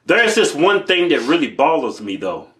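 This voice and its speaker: Male co-host; crude, mumbling teaser; raspy, fairly high voice. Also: big pitch swings, moderate pace, fairly bright tone. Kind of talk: casual comedic chat.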